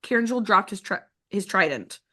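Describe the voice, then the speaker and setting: A woman hosts a casual book club podcast, her voice bright and forward. She reads passages with feeling, then drifts into relaxed chat full of restarts and fillers. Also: mid-range voice, normal speed. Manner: reads aloud expressively, chats with restarts and fillers. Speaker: podcast host.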